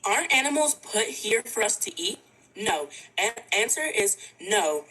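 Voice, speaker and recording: A woman's voice: mid-range voice, big pitch swings, unhurried, sharp tone, rough recording. Hesitant woman reading aloud. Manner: hesitant, stumbles over words. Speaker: guest reader.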